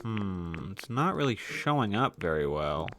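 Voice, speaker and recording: A man's voice: low voice, sing-song, unhurried, a bit bright, faint music behind. Man, game streamer at his home desk; casual, joking, heavy swearing. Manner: rambling, joking, swears often. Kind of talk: casual live-stream gaming chat.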